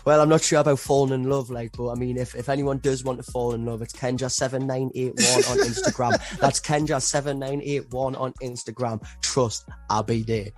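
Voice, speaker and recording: A man's voice: medium pitch, brisk, few pauses, soft background music. A young man with a Geordie accent, a guest musician in a casual podcast chat, mocking himself and laughing often.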